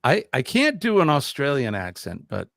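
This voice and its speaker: Male live-stream host, upbeat, reads the chat aloud, mid-pitched voice, dry close sound. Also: wildly swooping pitch, normal speed, vocal fry, a bit bright, no echo.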